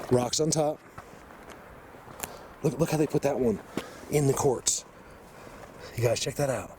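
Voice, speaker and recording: A man hosting an outdoor vlog, rambling excitedly with many fillers as he walks through a mountain forest. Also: mid-range voice, moderate pace, long pauses, background noise. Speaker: vlog host exploring the outdoors. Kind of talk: casual walking vlog commentary.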